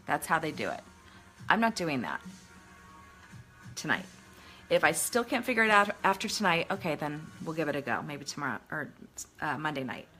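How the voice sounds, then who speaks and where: A woman's voice: sits low, very animated, normal speed, pushed and bright, soft background music. A middle-aged woman chatting casually through a makeup tutorial, self-deprecating and talking as she works. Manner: chatty, self-deprecating, talks while working. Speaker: makeup vlogger.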